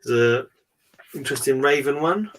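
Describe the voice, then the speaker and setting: On a video call hangout with slight background noise, a podcast host chats casually, rambling as he flips through items, trailing off and restarting. His medium-pitched, slightly bright voice moves at a normal speed with lively intonation.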